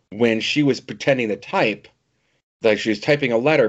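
A man co-hosting a casual podcast chat, talking in a lively, laughing way with some casual swearing. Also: medium pitch. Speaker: podcast co-host. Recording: dull lo-fi podcast audio.

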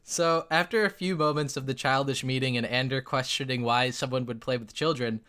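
A man's voice: medium pitch, steady tone, brisk, a bit bright, smooth. A man narrating a tabletop game as game master, rambling with many fillers and laughs.

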